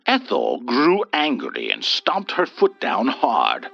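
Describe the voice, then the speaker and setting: A man's voice: very deep voice, wildly swooping pitch, measured pace, vocal fry, hardly any pauses, sharp tone, dry recording. A man narrating a scripted horror story with a theatrical, swooping delivery. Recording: dull dry lo-fi voice.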